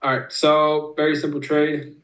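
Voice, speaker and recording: A man's voice: on the high side, level tone, moderate pace, fairly bright tone, poor audio. A man streaming live, talking a chat through chart setups and trade entries, swearing freely and calling out viewers. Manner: explains chart setups step by step. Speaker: trading streamer.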